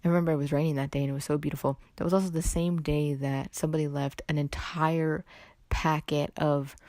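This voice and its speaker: Talking a little fast in a level tone, a young California woman rambles through her casual solo podcast, interrupting herself with "like" and "anyway." Her low-pitched voice has a darkish color, and she seems a bit under the weather. The audio is studio quality with no echo.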